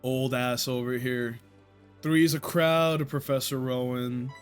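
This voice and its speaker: A man's voice: mid-range voice, steady tone, slow, clear, resonant tone, soft background music. A man streaming a game, joking with his chat, swearing and laughing often. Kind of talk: live gameplay commentary.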